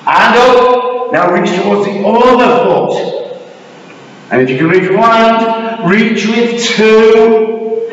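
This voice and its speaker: High-voiced man coaching kids in echoey hall. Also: dull audio. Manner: encouraging, playful, counts aloud with loud shouts. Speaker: martial arts instructor for young children. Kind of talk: kids' exercise class instruction. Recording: roomy hall audio from a distant mic.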